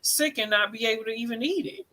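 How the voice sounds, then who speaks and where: A woman co-hosting a casual chat, talking in a lively way and laughing easily. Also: a little high, quick pace. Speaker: co-host.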